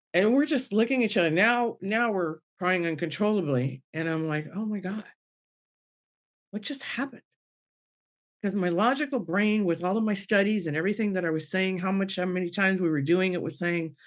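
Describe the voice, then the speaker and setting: A middle-aged woman, a guest medium, telling an emotional personal story in an earnest way. She acts out dialogue with a rising voice and drops low and soft when she is moved. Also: normal speed.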